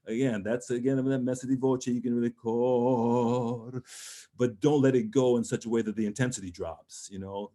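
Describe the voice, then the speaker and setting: A man's voice: lowish voice, mellow. A middle-aged man teaching an online voice master class over a video call, encouraging and talking through phrasing with short sung examples.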